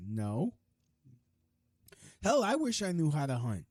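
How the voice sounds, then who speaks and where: A man's voice: a little high, huge pitch swings, a little mellow, breathy edge, no echo, clean studio sound. A young man hosting a podcast, delivering a heated, profane ranting monologue full of restarts. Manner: heated, profane, fast-talking with many restarts. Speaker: podcast host.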